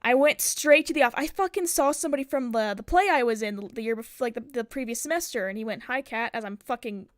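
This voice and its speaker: A woman's voice: a little high, fast talker, hardly any pauses, no echo, clean studio sound. A young adult woman from the United States, a streamer telling a story in a casual, rambling way, swearing a lot and leaning on fillers. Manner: profane, rambling with many fillers.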